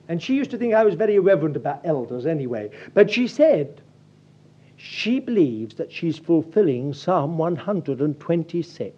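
A man's voice: high voice, normal speed, lo-fi sound. A man preaching a sermon, telling stories and acting out the people in them. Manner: storytelling, animated, acts out quotes.

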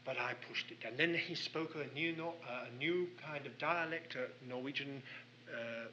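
A man's voice: medium pitch, normal speed, sharp tone, lo-fi sound, slight background noise. A man preaching a sermon, telling a personal story in an earnest, anecdotal way.

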